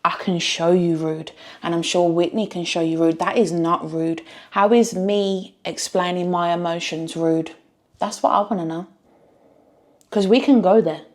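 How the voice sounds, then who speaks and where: A woman's voice: on the low side, steady tone, a little slow. A woman giving blunt, emphatic reaction commentary on a reality show. She repeats phrases for effect and swears freely.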